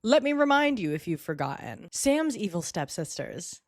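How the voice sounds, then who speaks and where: A young woman recapping a movie in casual vlog commentary, animated, sarcastic and exasperated. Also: medium pitch, normal speed, no room sound, clean studio sound. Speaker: vlogger.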